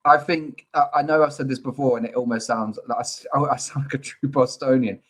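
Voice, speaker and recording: A man's voice: medium pitch, steady tone, fairly quick, fairly bright tone, poor audio. A young man co-hosting a sports podcast, chatting affably with jokes and tangents. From Ireland or UK. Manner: affable, rambling, joking. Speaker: podcast co-host. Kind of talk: casual chat.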